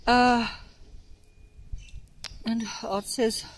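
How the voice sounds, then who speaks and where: Against a noisy background, an older local history vlogger rambles through an outdoor walking vlog, stumbling over where she is on a plaque and often sounding out of breath. Her slightly high voice is level and very slow.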